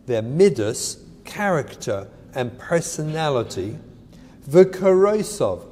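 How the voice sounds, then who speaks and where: A man delivers an earnest, emphatic inspirational talk on parenting, mixing in Hebrew terms. His voice sits high and swings widely in pitch. The sound carries a long hall reverb with faint noise underneath. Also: dark tone. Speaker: parenting speaker.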